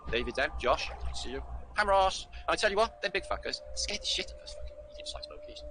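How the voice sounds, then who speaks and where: Fast, lively British man on a noisy stream. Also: on the high side. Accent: British English. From Britain. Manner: rambling, sweary, affectionate with chatters. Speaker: livestream host. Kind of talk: casual livestream chat reading out viewer names.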